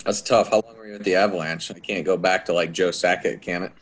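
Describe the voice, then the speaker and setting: Man, low register, relaxed matter-of-fact podcast host. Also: quick pace. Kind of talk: casual chat.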